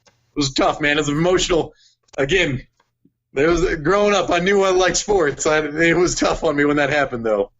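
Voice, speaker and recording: A man's voice: on the high side, normal speed, slight background noise. A young adult man chatting casually on a podcast, telling stories with lots of "like". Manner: animated storyteller, heavy use of "like". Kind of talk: casual chat. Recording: dull lo-fi sound.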